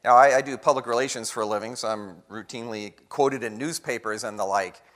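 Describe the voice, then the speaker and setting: A man giving a lively storytelling talk to an audience, acting out the voices of people in his story. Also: mid-range voice, fast talker. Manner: animated storyteller acting out quotes. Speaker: guest speaker. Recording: long hall reverb.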